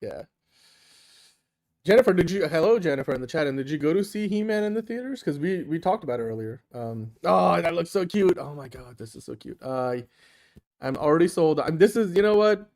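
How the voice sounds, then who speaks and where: A woman's voice: lowish voice, animated, a little fast, darkish tone. A woman co-hosting a casual chat show, friendly and chatty, laughing often and greeting the chat. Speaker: co-host.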